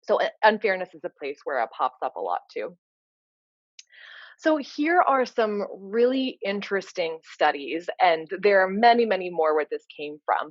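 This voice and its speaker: A woman's voice: mid-range voice, no echo, highs cut off. A woman coach giving an informal lecture, earnest and explanatory, often filling with "you know". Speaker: leadership coach.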